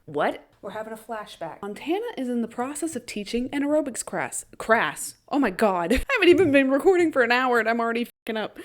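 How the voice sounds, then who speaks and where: Woman YouTuber, casual recap, animated delivery with frequent laughs and quick character voices. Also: mid-range voice. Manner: animated, jumps into quoted voices, laughs often.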